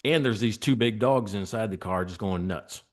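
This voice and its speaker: Low-voiced male guest, animated storyteller who often laughs. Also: moderate pace. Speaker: guest, former state trooper. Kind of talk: storytelling in a podcast interview.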